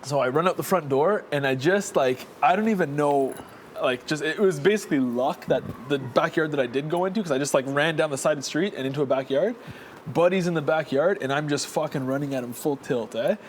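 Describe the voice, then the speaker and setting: A man's voice: on the high side, brisk, slight background noise. A young man telling a rambling story in casual chat, full of fillers and restarts. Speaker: houseguest.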